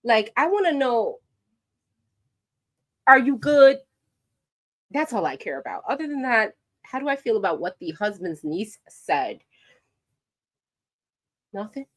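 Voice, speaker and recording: Unhurried and pausing often, a high-ish voiced woman from New York shares her opinion to camera. The commentary vlogger is animated and sassy, addressing viewers directly.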